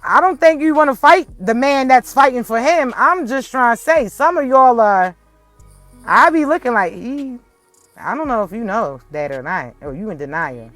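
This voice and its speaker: A woman's voice: fairly high pitch, animated, normal speed, fairly bright tone, no room sound, soft background music. A woman giving a casual spiritual message to viewers, speaking bluntly and swearing freely. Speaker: spiritual reader.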